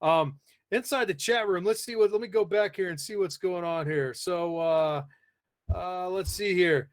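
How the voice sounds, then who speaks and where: A man's voice: high-pitched, normal speed. A man hosting a casual live podcast, rambling with lots of fillers as he reads the chat aloud. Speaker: podcast host.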